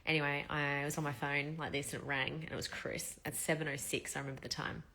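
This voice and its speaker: Low-voiced chatty woman. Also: fast. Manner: chatty, expressive, blunt with swearing. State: recovering from surgery. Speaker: vlogger. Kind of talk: casual storytelling.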